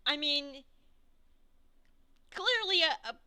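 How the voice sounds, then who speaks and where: A woman's voice: sits high, animated, takes it slowly, pushed and bright. A woman narrating a tabletop game as game master, describing scenes in a rambling way, with many restarts.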